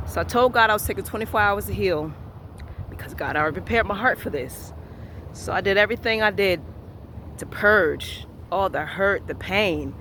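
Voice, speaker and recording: High-voiced man telling a story outdoors. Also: animated, moderate pace, slight background noise, poor audio. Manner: acts out quoted dialogue, shifts between soft and loud. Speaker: vlogger sharing a personal faith testimony. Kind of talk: emotional personal storytelling.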